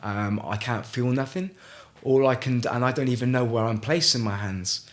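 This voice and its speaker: A middle-aged man from Gloucester, telling a story as a podcast guest in a halting way, with frequent restarts. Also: medium pitch. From Gloucester, England. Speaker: guest, ice swimmer. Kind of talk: casual storytelling in a podcast interview.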